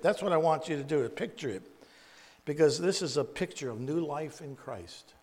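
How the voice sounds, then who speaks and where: A man preaching in a storytelling way, halting and repeating words, with folksy asides. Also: fairly high pitch, expressive, a little mellow. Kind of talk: storytelling Bible teaching. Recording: long echoey reverb.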